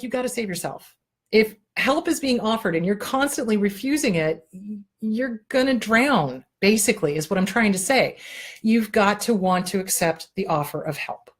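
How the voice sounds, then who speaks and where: A woman's voice: medium pitch, breathy edge. A woman hosting an advice talk, speaking bluntly, swearing freely and telling jokes with little voices. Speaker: therapist and show host.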